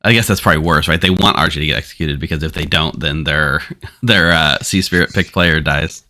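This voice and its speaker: A man hosting a streamed game, quickly explaining its rules to players. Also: a bass voice, pushed and bright. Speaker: game storyteller and stream host. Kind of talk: running a social deduction game on stream.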